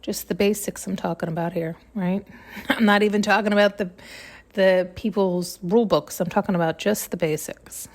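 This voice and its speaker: A woman's voice: mid-range voice, fairly even intonation, normal speed. Woman, podcast host, rambling intuitive monologue, searching, restarts, near tears.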